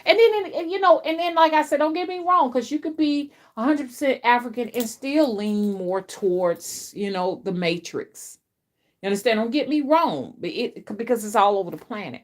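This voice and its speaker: A woman's voice: animated, normal speed. A middle-aged woman, a spiritual reader, talking to her viewers in a casual, rambling live-stream chat, often repeating herself, her voice rising and dropping sharply. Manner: chatty, repetitive, with big swings in pitch and loudness. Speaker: spiritual reader and channel host.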